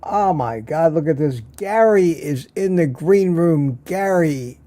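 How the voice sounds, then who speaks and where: Chatty man hosting a warm-toned livestream. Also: fairly high pitch, expressive, takes it slowly, no echo. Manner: chatty, greets viewers by name with small jokes. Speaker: livestream host. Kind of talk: casual livestream chat.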